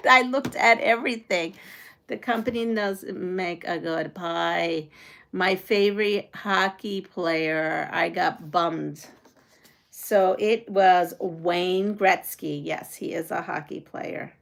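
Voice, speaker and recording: A woman hosting a quilting live stream, chatting casually, answering viewer comments and trivia questions as she sews, with frequent giggles and some drawn-out phrases. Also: lowish voice, creaky, a bit bright. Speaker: quilting channel host. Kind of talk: casual live-stream chat while sewing.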